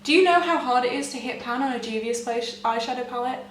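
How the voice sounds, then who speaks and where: A young woman gushing excitedly to camera as a beauty vlogger, chatty and often laughing. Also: fairly high pitch, fast, slight background noise. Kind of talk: casual chat to camera. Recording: echoey room, mic at a distance.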